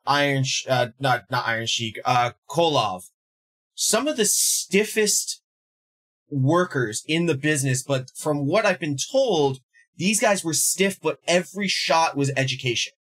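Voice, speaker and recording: A man's voice: on the high side, fairly bright tone. A male podcast host asking rambling, hesitant questions in a casual interview.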